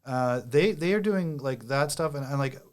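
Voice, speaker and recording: A comedian guest talking casually on a podcast, rambling with many restarts and lots of "like". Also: male voice, mid-range voice, expressive, normal speed. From Canada. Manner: rambling, heavy use of "like" and restarts.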